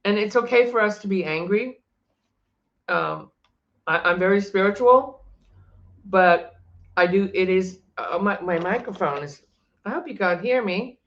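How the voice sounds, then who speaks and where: An older woman, a psychic and energy healer, talking in a loud, chatty, rambling way from her home office, often breaking off mid-sentence. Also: medium pitch, a little slow, pauses often, lo-fi sound. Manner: chatty, rambling, self-interrupting; loud, emphatic. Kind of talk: casual unscripted monologue to camera.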